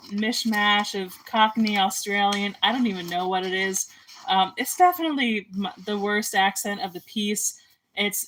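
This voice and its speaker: A young woman talks casually about her own film project, rambling and full of ums and likes. Her voice sits at a middle pitch, neither high nor low. The tone is loose and conversational. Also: rough recording. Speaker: amateur filmmaker and artist. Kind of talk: casual chat.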